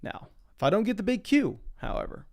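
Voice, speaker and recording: A man's voice: sits high, big pitch swings, fairly quick, vocal fry. A young man streaming live from his desk, chatting casually through a fantasy football draft and reading out viewer comments. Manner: chatty, reads chat comments aloud. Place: home desk.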